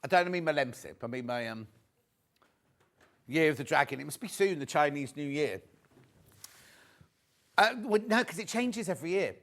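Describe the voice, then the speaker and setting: Bloke hosting live shopping telly, slightly high voice, chatty and jokey, pushing deals. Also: male voice, expressive, moderate pace, long pauses, fairly bright tone. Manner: chatty, jokey, pushes deals, reads viewer messages. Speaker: shopping channel presenter. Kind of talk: live sales presentation. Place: TV studio.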